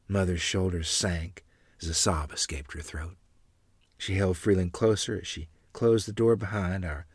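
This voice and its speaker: A man's voice: deep voice, slightly rough, dry recording, studio quality. A man narrating a family memoir aloud in a plain, earnest reading.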